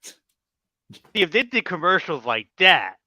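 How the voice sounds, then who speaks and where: A man's voice: sits high, sing-song, slow, pushed and bright, dry recording. A man from New City, an easygoing guest in a casual podcast chat. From New York City.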